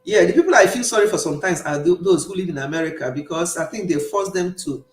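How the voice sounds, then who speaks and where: This Nigerian woman talks fast in a voice on the low side while hosting a casual live stream, answering viewers' comments as they come. Warm-accented and quick to burst out laughing, she is heard with a roomy echo.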